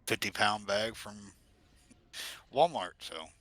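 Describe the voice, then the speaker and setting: A man with a very low voice and a bright, crisp edge talks casually on a live stream. He rambles easily and leans on "you know" while he thinks. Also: animated, slow, no echo. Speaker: podcast co-host.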